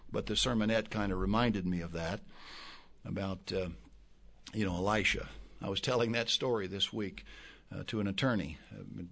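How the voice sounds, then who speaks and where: An older pastor delivers an impassioned sermon to his congregation, shifting from quiet, reflective asides to loud, emphatic peaks. He often repeats words as he builds toward a point.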